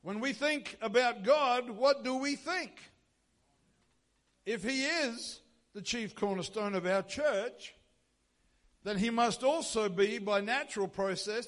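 A man's voice: extremely high pitch, fairly bright tone. A male pastor preaching a sermon, emphatic, with rhetorical questions and repeated phrases.

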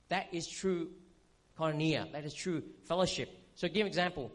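A man teaching from the pulpit in a relaxed, conversational sermon style. His voice sits a little high for a man, and he keeps checking in with the congregation as he explains. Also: normal speed. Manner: conversational, frequent "okay?" check-ins and fillers. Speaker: pastor.

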